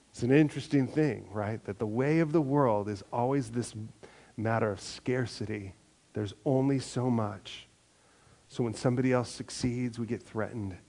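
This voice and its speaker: Man, pastor, conversational sermon, gravelly, mid-pitched voice, animated asides.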